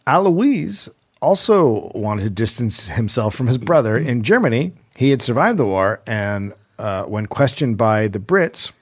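A man's voice: medium pitch, lively intonation, a little slow, slightly rough. Man telling history wryly. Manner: reads notes with stumbles, wry asides. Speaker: podcast co-host. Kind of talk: casual comedic history podcast.

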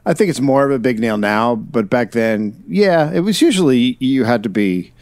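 Guy reading old newspaper bits on a comedy podcast, bouncy lively voice, dry close sound. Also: mid-range voice, moderate pace, no echo. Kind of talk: comedic reading aloud and banter.

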